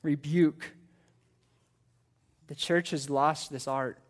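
Speaking at a moderate pace in a fairly high voice, a middle-aged pastor delivers his sermon through a pulpit mic. He is earnest and emphatic, challenging the congregation with rhetorical questions.

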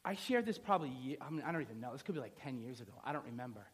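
A pastor from the New York area preaching a sermon in a lively, joking, conversational way, often checking in with "right?". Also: male voice, mid-range voice, rapid-fire, slightly rough. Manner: animated, conversational, joking, asks the audience "right?".

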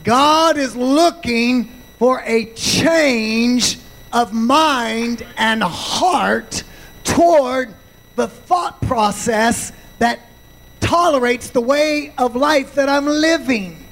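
A male pastor preaching a sermon, slow and deliberate, punctuating points with amens. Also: very high voice, a bit bright, poor audio.

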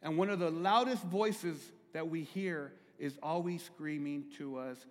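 A middle-aged pastor preaches a sermon, shifting between hushed, drawn-out phrases and loud, high-pitched cries. The sound suggests a big room.

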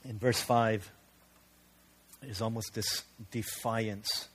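A male pastor preaches in an earnest, conversational storytelling manner. His voice sits at an ordinary middle pitch, and he shifts easily between lively family anecdotes and quieter, serious points. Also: a little slow. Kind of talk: sermon.

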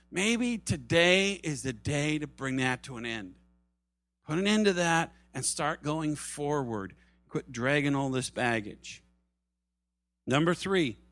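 A man preaching a sermon at a church service, animated, acting out quoted voices and dropping to soft tones for emphasis. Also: on the high side, dry recording. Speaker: pastor.

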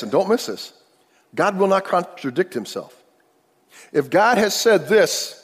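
A man's voice: high-pitched, breathy edge, long reverb tail. A man preaching a sermon as pastor, talking in a loose, conversational way with frequent repeated words.

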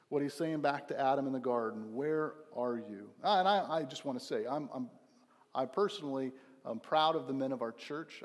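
A man's voice: medium pitch, darkish tone, long reverb tail. A young man preaching a sermon at his church, earnest and emphatic, often restarting his phrases. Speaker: pastor.

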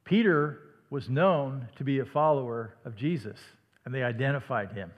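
A man from Iowa with a slight Midwestern accent, preaching a sermon in a conversational way that sometimes drops to a hush. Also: medium pitch, normal speed, muffled recording. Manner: conversational, dramatic dips to a hush. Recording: long hall reverb.

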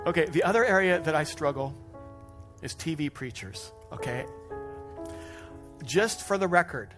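A pastor preaching a sermon to a congregation, joking and self-deprecating with animated asides. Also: male voice, fairly high pitch, measured pace. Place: church stage before a congregation. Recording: music playing behind the speaker.

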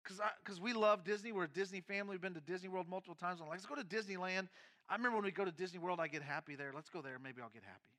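A middle-aged man pastor tells his own story from the pulpit, his voice pitched high and sharp. He moves between hushed, heavy passages and emphatic bursts, speaking candidly. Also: very fast, few pauses. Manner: candid storytelling, mixing quiet and emphatic moments. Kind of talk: sermon testimony.

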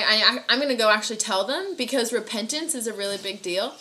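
Young woman doing a casual devotional, bright voice, earnest, lots of "like". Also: mid-range voice, fairly quick, few pauses. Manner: earnest and encouraging, with frequent fillers. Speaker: youth devotional speaker.

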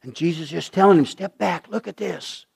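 A male pastor preaching a sermon, swinging from loud urgent shouts to hushed, almost whispered asides. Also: high-pitched, fairly quick, gravelly, husky. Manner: animated preaching, rising to shouts, dropping to near whispers.

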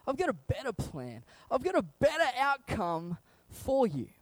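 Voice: mid-range voice, wildly swooping pitch, dry recording, voice pushed up. A preacher voicing a patient fatherly God. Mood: warning. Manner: coaxing, hesitant warnings with pauses.

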